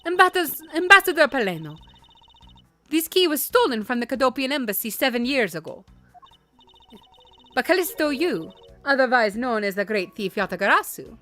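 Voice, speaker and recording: Woman reading Edgeworth, a measured formal prosecutor. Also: high voice, big pitch swings, fairly bright tone, faint music behind. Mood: firm. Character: composed, formal male prosecutor in his twenties.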